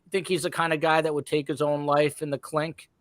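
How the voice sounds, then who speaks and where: Smooth-voiced male podcast host. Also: fairly high pitch, level tone, no room sound. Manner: brisk, upbeat, chatty. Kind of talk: live podcast hosting, reading viewer comments.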